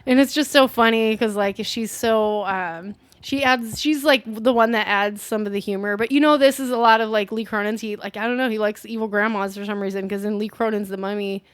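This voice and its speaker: A woman co-hosting a casual movie review, retelling scenes in animated detail and swearing freely. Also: mid-range voice, a little fast, few pauses, clear, resonant tone, no echo. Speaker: podcast co-host.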